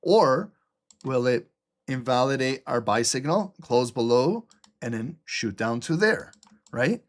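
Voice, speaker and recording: A man's voice: medium pitch, animated, takes it slowly. A middle-aged man hosting a live trading stream, blunt, sarcastic and profane, with typing heard behind him.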